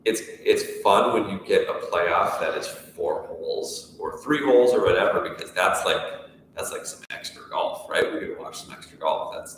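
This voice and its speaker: A man's voice: low voice, a bit bright, a little hiss or hum. A man co-hosting a casual golf talk show, chatting in a rambling way with many restarts. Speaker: golf pro co-host. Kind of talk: casual chat. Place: room at a golf course. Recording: echoey room, mic far off.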